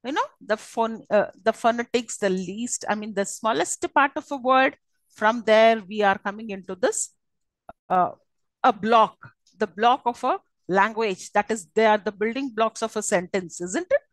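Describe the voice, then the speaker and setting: A woman's voice: fairly high pitch, moderate pace, no echo, poor audio. A woman with an Indian English accent giving a university lecture on phonetics, with many fillers and frequent checking questions to the class.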